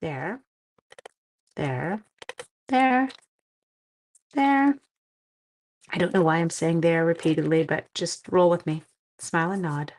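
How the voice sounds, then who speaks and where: A woman's voice: low voice, little pitch movement, brisk, darkish tone, rough recording. A middle-aged woman leading a live-streamed card-making demo, chatting casually and poking fun at herself as she works. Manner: chatty, self-deprecating, talks while working.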